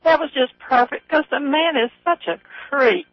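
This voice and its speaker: A woman calling in to a radio talk show, talking in a slow drawl and laughing a lot. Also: sits high, dry recording. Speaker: caller. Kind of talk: call-in radio chat. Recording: dull, dry phone line.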